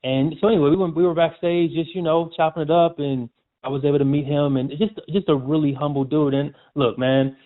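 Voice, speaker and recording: A man, a sportswriter guest, telling stories in a relaxed, slangy way during a casual interview. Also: on the high side, brisk. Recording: tinny phone-like audio.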